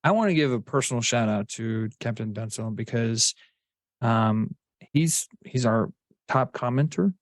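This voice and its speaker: A man's voice: mid-range voice, animated, unhurried, dry recording. A man co-hosting a podcast in casual chat, enthusiastic and often restarting his sentences. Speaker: podcast co-host.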